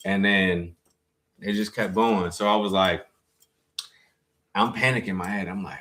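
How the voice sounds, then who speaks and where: A young man streaming live, telling a story to his chat in an animated, slangy, profane way and reading the chat aloud. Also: on the low side, fairly quick.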